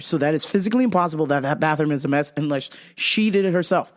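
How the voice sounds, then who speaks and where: A woman's voice: low voice, fast talker, dry recording, studio quality. A woman hosting a podcast, telling stories in a blunt, profane, casual way and laughing often. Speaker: podcast host. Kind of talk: casual storytelling chat.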